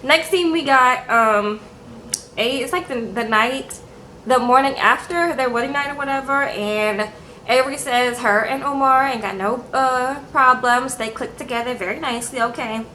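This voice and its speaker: A woman's voice: high voice, normal speed, bright, forceful tone, slight background noise. A young woman chatting casually to her viewers as she recaps a TV episode, often checking in with "okay?". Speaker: TV show reviewer. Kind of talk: casual chat.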